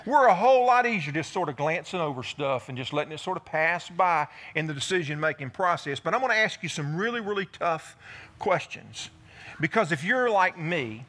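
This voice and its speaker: A male pastor delivering a sermon in a high, bright voice. He tells stories with animated delivery, acting out the dialogue and the people he describes. The tone is lively and conversational from the pulpit. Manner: storytelling, animated, acts out dialogue with his voice. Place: church sanctuary.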